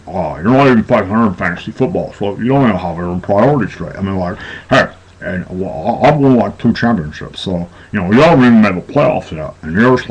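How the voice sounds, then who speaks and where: A man's voice: lowish voice, darkish tone, lo-fi sound, voice pushed down. A man doing an impression of a friend, a smug young man who rambles with lots of fillers while he scolds and brags. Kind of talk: impression of a friend on a live stream.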